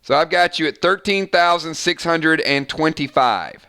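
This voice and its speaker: Bright-voiced male game master, chatty. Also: a little high, normal speed, smooth. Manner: chatty, tallies numbers aloud. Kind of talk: casual live-stream chat running a role-playing game.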